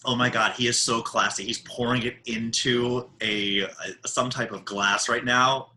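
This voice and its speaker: A man with a New York accent hosting a podcast in casual, animated, joking chat. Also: medium pitch, moderate pace, rough recording. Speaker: podcast host.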